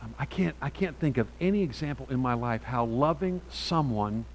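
A man preaching a sermon from a Bible passage, talking in a halting way with many restarts and frequent rhetorical "right?"s. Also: medium pitch, lively intonation, slight background noise, rough recording.

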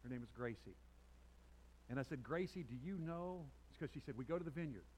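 A pastor preaching a sermon to his congregation, telling a personal story with restarts and asides, swinging from loud emphatic peaks to quiet, intense lines. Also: mid-range voice, fast talker, a little hiss or hum, low-quality recording. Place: church sanctuary before a congregation.

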